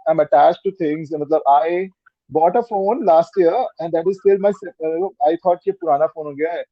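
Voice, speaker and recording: A man's voice: a little high, quick pace, dry recording, highs cut off. A man with an Indian English accent, chatting as a podcast guest, rambling and repeating words, slipping into Hindi. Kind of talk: casual interview chat.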